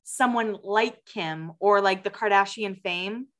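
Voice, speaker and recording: A woman's voice: mid-range voice, a little slow, fairly bright tone. A woman co-hosting a podcast, chatting casually and laughing often. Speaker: podcast co-host. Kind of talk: casual chat.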